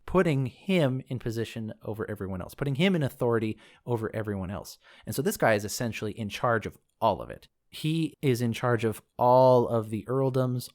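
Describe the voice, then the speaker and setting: Reading aloud from a book on his game-lore podcast, a man keeps wandering off into casual side comments as he thinks. His voice is fairly low and slightly mellow.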